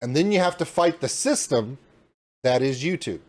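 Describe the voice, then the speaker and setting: Host type: man at his home streaming desk, animated and demonstrative, pitch jumping all over. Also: moderate pace. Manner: animated and demonstrative, pointing things out. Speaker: reaction channel host. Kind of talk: casual tutorial walkthrough.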